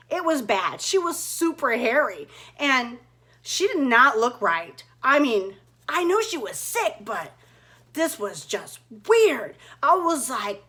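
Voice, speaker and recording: Woman playing red, chatty bubbly gal, high bright voice bouncing all over. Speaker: narrator in character. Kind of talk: first-person storytelling.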